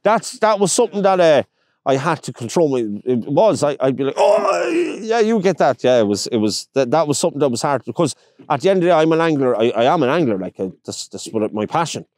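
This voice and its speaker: A man's voice: mid-range voice, lively intonation, fast, a little mellow, no echo. Irish guy on a boat telling fishing stories, acts out what people said, dry close sound. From Ireland, County Longford. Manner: chatty storyteller, acts out quoted people. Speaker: pike fishing guide. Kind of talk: casual interview chat. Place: outdoors on a boat on a lake.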